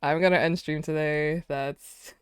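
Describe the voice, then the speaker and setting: A woman's voice: low voice, fairly even intonation, unhurried, clear, resonant tone, no room sound, clean studio sound. A young woman streaming, reacting to a video with laughter and dramatic, repeated cries. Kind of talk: live stream reaction chat.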